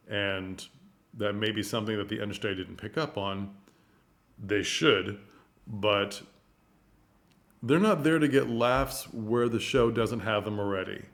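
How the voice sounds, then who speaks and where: Expressive man explaining theatre tips. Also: lowish voice, measured pace, pauses often. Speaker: presenter giving advice to theatres. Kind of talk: casual explanatory talk to camera.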